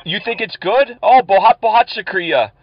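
Deadpan man firing cheesy pick-up lines. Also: high-pitched, normal speed, no echo, dull audio. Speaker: prank caller. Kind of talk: prank phone calls.

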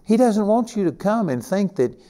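A man's voice: high voice, big pitch swings, moderate pace, dark tone. An older man from Texas with a Texan accent, teaching a sermon in a folksy, conversational way with emphatic stresses. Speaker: Bible teacher.

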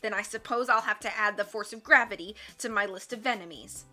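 A woman reading aloud and voicing a cruel, greedy villainous man with loud, slow, snarling threats. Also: medium pitch, faint music behind. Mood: wry.

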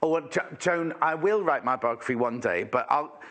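A man's voice: a little high, lively intonation, normal speed, a bit bright. A man presenting a live shopping channel in a chatty, teasing way, full of exclamations.

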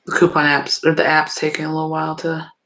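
A young woman talks casually to her livestream audience. Her voice sits a little low, and she sounds drowsy, yawning and laughing softly as she goes. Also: monotone, fast talker, noisy background. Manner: sleepy, yawning, chatty with viewers. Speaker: livestream host.

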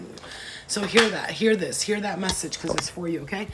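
An excitable woman talks her way through a tarot reading, gasping, exclaiming and cursing freely. Her voice sits at an ordinary middle pitch. A steady hiss of background noise and occasional clicks run under the recording. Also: brisk. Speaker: tarot reader. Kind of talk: casual tarot reading to camera.

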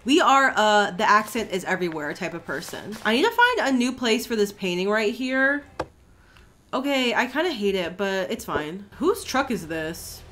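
Young woman, gaming streamer, lively swooping voice, excitable, swears a lot. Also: fairly high pitch, normal speed, slight background noise. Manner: excitable, profane, talks to the chat. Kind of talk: casual gameplay commentary.

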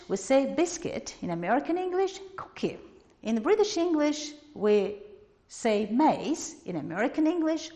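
Lively woman teacher with Azerbaijani accent. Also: sits high. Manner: lively, emphatic, repeats words for students. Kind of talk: televised classroom lesson. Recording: long hall reverb.

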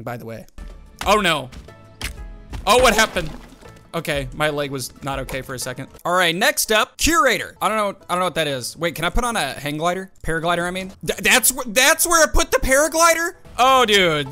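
Young man, gaming commentary, excitable, exclamatory, bright sharp voice, quiet music under. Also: sits high. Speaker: gaming video host. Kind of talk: let's play commentary.

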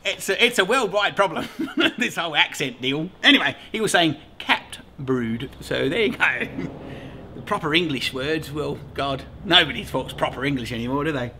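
Australian man, middle-aged, rambling casual vlog chat, swears a lot, lively up-and-down voice, somewhat high. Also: normal speed, a little hiss or hum. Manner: rambling, swears freely, laughs often. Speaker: beekeeper host.

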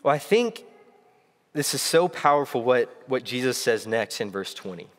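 A young man with a mid-range voice and lively intonation preaches a sermon to his church at normal speed. He's earnest and reflective, often restarting phrases, and the sanctuary gives the recording a long hall reverb.

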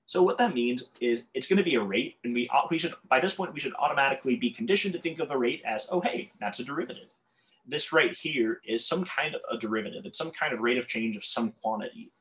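Fast and fairly bright, this medium-pitched male voice barely pauses while teaching calculus on a board. He keeps tripping over his words, fixing them, and tossing in apologies.

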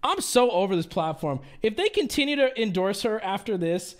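A man's voice: sits high, sing-song, moderate pace. Ranting young man streaming. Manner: heated ranting with swearing. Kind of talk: casual livestream chat.

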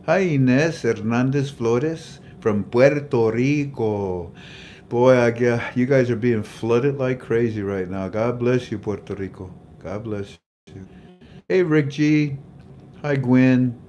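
A man's voice: mid-range voice, slow, darkish tone, slight background noise. An older man hosting a faith-based livestream. He greets viewers by name in a jovial, chatty way, laughs at his own jokes and leads a prayer. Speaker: livestream host. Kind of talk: casual livestream chat and prayer.

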